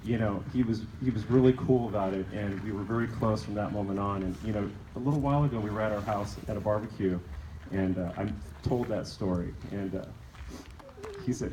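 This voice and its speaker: A man's voice: fairly low pitch, a little fast, noisy background. A man in his forties telling a rambling, emotional story at a memorial, laughing between thoughts. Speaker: mourner sharing memories. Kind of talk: eulogy at a memorial.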